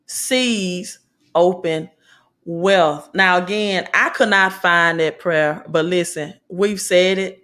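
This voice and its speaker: Speaking slowly in a lowish, fairly bright voice, a Southern American woman hosts a motivational business talk. She preaches with repeated slogans and alliteration.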